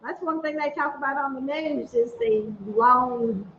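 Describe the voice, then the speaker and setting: High-voiced woman in an echoey room. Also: unhurried, fairly bright tone. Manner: brief, matter-of-fact remarks. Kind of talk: casual live chat. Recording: echoey, dull lo-fi audio with faint noise.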